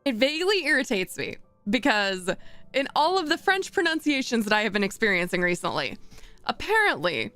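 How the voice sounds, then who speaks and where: Bright, lively-voiced woman streamer. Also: on the high side, brisk, soft background music. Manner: rambling, chatty, laughs often, thinks aloud while working. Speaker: VTuber streamer. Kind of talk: casual live-stream chat.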